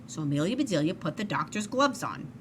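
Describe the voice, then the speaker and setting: A woman reading a children's story aloud in an expressive, animated way. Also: on the low side, fast talker, slight background noise. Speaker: storybook reader.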